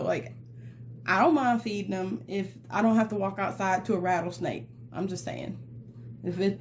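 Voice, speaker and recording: A young woman with a Southern US accent, chatting animatedly through a casual storytime while crafting and mimicking beeping sounds in squeaky bursts. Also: darkish tone, slight background noise. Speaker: craft vlogger.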